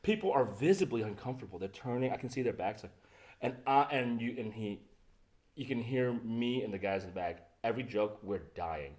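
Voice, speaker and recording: Animated man telling a story. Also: mid-range voice, a little fast. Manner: animated, laughs often while telling a story. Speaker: podcast host. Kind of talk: casual storytelling chat.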